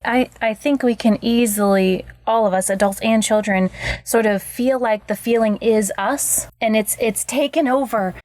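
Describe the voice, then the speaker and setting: A woman's voice: on the high side, moderate pace, darkish tone, dry recording. Reflective female podcast co-host. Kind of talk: casual parenting chat.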